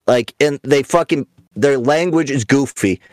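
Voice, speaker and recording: A man's voice: medium pitch, unhurried, dry recording. A young adult man hosting a podcast in casual chat, a profane, rambling storyteller who mocks and rants. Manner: mocking, ranting. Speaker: podcast host.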